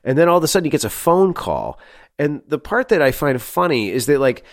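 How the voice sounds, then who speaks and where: A man co-hosting a movie review podcast, talking in an animated way, often laughing and saying "like" a lot. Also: a little high, brisk, no echo, studio quality. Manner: animated, laughing, heavy use of "like". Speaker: podcast co-host. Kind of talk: casual movie review chat.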